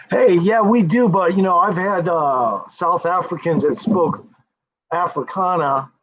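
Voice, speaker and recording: A man's voice: high voice, slow pace, long pauses, fairly bright tone. An American man hosting a casual livestream, rambling and swearing, chuckling often as he talks to viewers. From United States. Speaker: livestream host. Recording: dull lo-fi stream audio.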